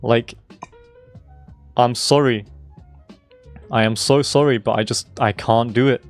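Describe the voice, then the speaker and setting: Hoarse young man ranting on stream. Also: medium pitch, fairly even intonation, slow pace, faint music behind. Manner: emphatic, swearing, repeating himself for stress. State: hoarse, losing his voice. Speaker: game streamer. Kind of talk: casual live-stream rant.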